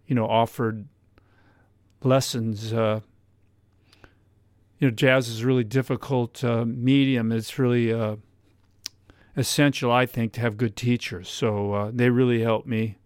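A man, a jazz guitarist and podcast host from Southern California, telling a long anecdote in a casual interview, with many pauses and quoted dialogue. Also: medium pitch, little pitch movement, clean tone, no echo, clean studio sound. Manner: rambling anecdote with many uhs, quoting others.

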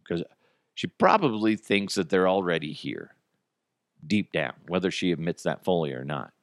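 A low-voiced man chatting on his comedy podcast. His pitch swings up and down in lively bursts as he rambles from one aside to the next. The sound is close and dry. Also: no echo. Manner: rambling, animated storytelling with quick asides. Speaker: podcast host. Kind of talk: casual comedic chat.

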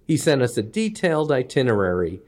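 Wry, animated comic storyteller man. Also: medium pitch, a little fast. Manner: wry, self-deprecating. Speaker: comedian storyteller. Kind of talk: comedic storytelling monologue.

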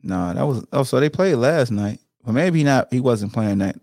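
A man's voice: mid-range voice, normal speed, no room sound, clean studio sound. A man hosting a podcast, talking sports loosely and playfully, teasing rival fans. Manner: animated trash talk, playful and loose. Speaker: podcast host. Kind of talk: casual sports talk.

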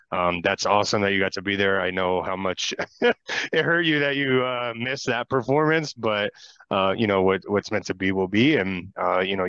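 Man from New York, lowish pitch, halting delivery, dry close mic. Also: a bit bright, dry recording, dull audio. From New York, USA. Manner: hesitant, many fillers. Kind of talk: casual podcast chat.

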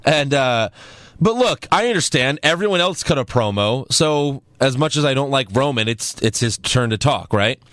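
A man's voice: medium pitch, expressive, moderate pace, a bit bright, dry recording, clean studio sound. A man from New York hosting a casual wrestling recap podcast, laid-back and laughing often. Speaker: podcast host.

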